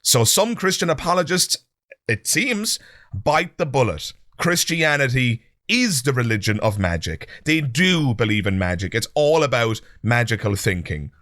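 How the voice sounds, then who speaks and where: Animated, sarcastic male commentator. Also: mid-range voice, moderate pace, dry recording, clean studio sound. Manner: sarcastic, animated rebuttals addressed to the listener. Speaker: podcast host. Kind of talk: commentary on audio clips.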